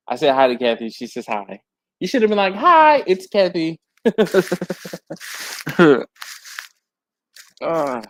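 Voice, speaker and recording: A man hosting a casual livestream from a hot garage, chatting and reading viewer comments aloud, laughing often. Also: no echo. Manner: chatty, laughs often, lively swings in pitch. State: hot and sweaty. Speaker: livestream host. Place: warm home garage with a fan and air handler.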